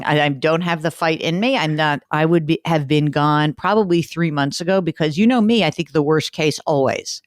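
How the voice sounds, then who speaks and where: A woman's voice: low-pitched, normal speed, few pauses, dry recording, clean studio sound. A woman hosting a call-in money show, blunt and emphatic in casual talk. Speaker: radio money show host.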